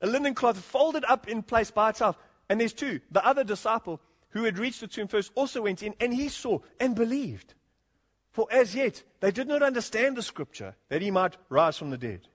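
A man's voice: high-pitched, lively intonation, moderate pace. A man preaching an earnest expository sermon, often rising to emphatic points and chuckling between them. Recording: long hall reverb.

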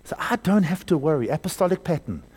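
Male preacher, slightly high, very animated pitch, sermon delivery with loud and hushed swings and call-and-repeat. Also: fast talker, husky. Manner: asks the congregation questions and has them repeat words.

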